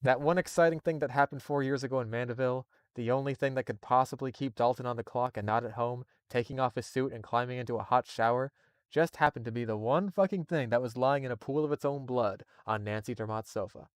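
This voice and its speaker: A man reads a horror story aloud on a casual live stream, swearing freely and drifting into laughing asides. His pitch sits in the middle of the range for a man. The mic is close and dry, with no room sound. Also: quick pace, clear, resonant tone, no echo. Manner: profane, laughing, digressive asides.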